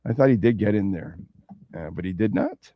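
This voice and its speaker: A man's voice: lowish voice, expressive, normal speed, dry recording, muffled recording. A man hosting a sports radio show in a casual, rambling way, with playful asides and betting talk. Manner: reads sponsor ads and betting lines.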